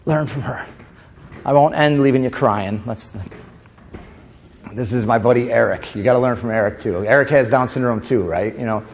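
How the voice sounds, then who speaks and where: A man giving a conference keynote as a comedian and motivational speaker. He moves between tender storytelling and animated comic bits. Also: medium pitch, moderate pace, a little hiss or hum. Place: conference hall. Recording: long hall reverb.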